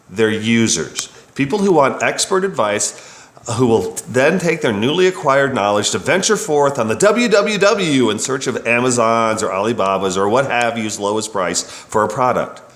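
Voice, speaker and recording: A man's voice: medium pitch, fairly bright tone. A bike shop service writer reading his own work story in a wry, opinionated way. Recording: roomy echo.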